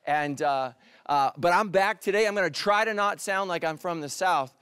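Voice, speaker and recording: A middle-aged pastor from California preaches in a joking storyteller's way, then turns quiet and earnest. His voice sits a little high and is recorded close and dry. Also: moderate pace, clean tone, no echo. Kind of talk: sermon.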